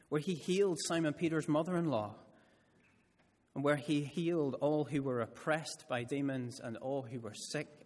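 A man preaching a sermon who tells stories with expression and slows right down to stress key words. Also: a little high. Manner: expressive storytelling delivery, slowing down for emphasis. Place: church hall. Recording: church hall with long reverb.

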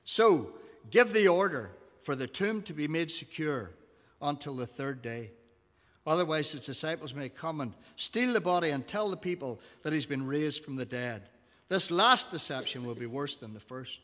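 A man's voice: a little high, expressive, normal speed, fairly bright tone. A man reading the lines of insistent, scheming male chief priests in a scripture reading. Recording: long reverb of a hall.

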